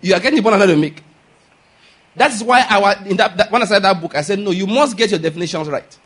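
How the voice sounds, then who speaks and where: A man preaches a sermon emphatically, asking rhetorical questions, repeating key lines, and calling for the audience to answer. His voice is high-pitched and fairly bright, with a breathy edge and a quick pace.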